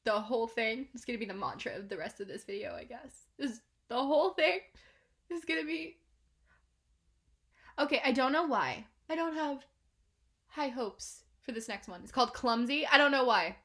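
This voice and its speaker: A woman reviewing an album in a reaction video, excitable and swearing, swinging between hushed whispers and shouts. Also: on the high side, normal speed. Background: album music playing.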